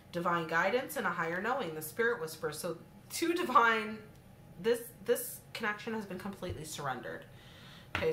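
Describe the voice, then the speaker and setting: Chatty lower-voiced woman reading tarot, echoey room. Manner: chatty, addresses viewers directly, breaks into laughter. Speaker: tarot card reader. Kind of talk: casual spoken tarot reading. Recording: echoey room with clear background noise.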